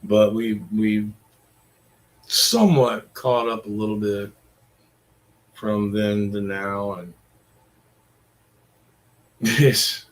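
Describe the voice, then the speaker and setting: Slow-talking crude man. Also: on the low side, fairly even intonation. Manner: crude, profane, rambling. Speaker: vlogger. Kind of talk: casual rambling rant.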